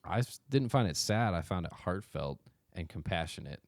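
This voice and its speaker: A man with a very low voice chats casually on his podcast, ribbing his co-host with dry, teasing jokes. He is close on a studio microphone in a dry, dead room. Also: lively intonation, moderate pace, no room sound. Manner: dry, teasing humor with laughs. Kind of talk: casual chat.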